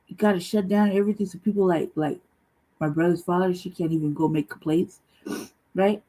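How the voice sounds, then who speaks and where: A woman hosting her own commentary show, cursing freely and sounding fed up. Her voice is mellow and a little husky. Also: fairly low pitch, fairly quick, low-quality recording. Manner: blunt, profane, animated ranting with laughs. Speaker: host. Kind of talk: casual commentary vlog.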